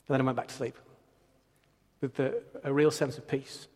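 A man's voice: on the high side, very animated, brisk, in a large hall. A man preaching a sermon as pastor, earnest and building through repeated phrases. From Britain.

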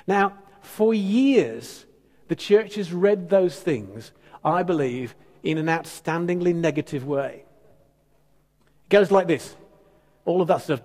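A man preaching a sermon as pastor, emphatic and animated with conversational asides. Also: high-pitched, takes it slowly. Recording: long church hall reverb.

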